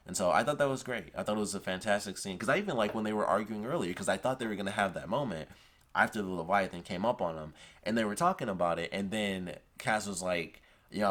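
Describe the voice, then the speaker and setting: A man's voice: low-pitched, fast talker, a bit bright. A man reviewing a TV episode in a casual, enthusiastic and rambling way, retelling scenes with lots of "like".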